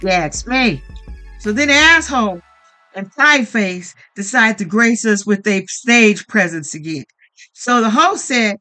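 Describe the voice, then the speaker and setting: A reality TV recap commentator giving a blunt, profane, animated monologue that acts out quoted lines. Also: medium pitch, unhurried, soft background music.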